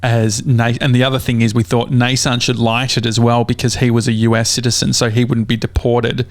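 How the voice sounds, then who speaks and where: A man's voice: medium pitch, flat delivery, fairly quick, no echo. Australian guy, young, chatty podcast host, swears freely, dry close mic. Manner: rambling storyteller, swears a lot, many fillers. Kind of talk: casual chat.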